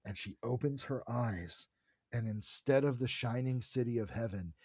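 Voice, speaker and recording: A man co-hosting a casual podcast, retelling a story with excitement and lots of fillers. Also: medium pitch, normal speed, slightly rough, dry recording, clean studio sound. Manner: enthusiastic retelling, many fillers. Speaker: podcast co-host. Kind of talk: casual chat about comics.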